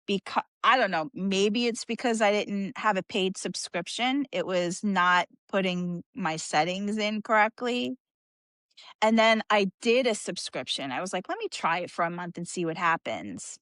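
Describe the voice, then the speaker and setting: A woman's voice: mid-range voice, unhurried, a bit bright, no echo. A woman co-hosting a podcast in casual chat, talking freely with lots of fillers. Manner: chatty, filler-heavy, frequent "like". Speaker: podcast co-host.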